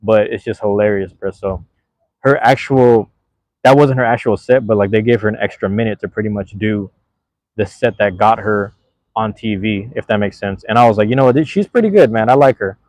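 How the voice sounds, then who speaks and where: A man with a low voice chats his way through a comedy show recap in a loose, slangy style, with plenty of fillers and restarts. The sound is dry and close, with almost no room around it. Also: fairly even intonation, normal speed, darkish tone, dry recording, poor audio. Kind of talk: casual rambling recap. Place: outdoors near a playground.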